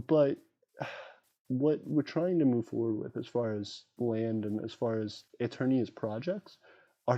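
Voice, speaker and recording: A man hosting a casual livestream while gaming, rambling excitably and chatting to the creatures on screen. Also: mid-range voice. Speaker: livestream host. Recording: dull lo-fi sound with faint background beats.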